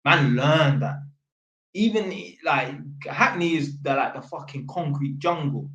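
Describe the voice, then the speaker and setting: A man's voice: on the high side, lively intonation, measured pace, a bit bright, highs cut off. A man, an electrician telling a long, slangy, rambling story for his vlog, full of fillers and restarts. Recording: roomy echo.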